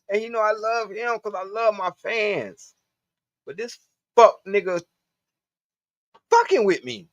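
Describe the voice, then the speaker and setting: His voice is high with lively intonation, and he takes his time, pausing often as he rambles profanely to his live stream chat. The dull, dry lo-fi stream audio has no echo.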